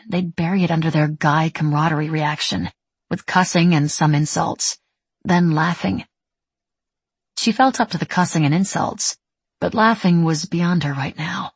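A woman narrating an audiobook in a steady, even storytelling manner. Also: lowish voice, breathy edge, dry recording. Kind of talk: scripted narration.

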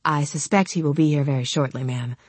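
A woman doing a calm, formal security man around forty. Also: a little high, brisk, slightly rough, dry recording, pitched below the performer's own voice. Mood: cool. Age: 40s. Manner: calm, formal, says ma'am. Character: cool, polite male security agent, about forty. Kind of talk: audiobook character voice.

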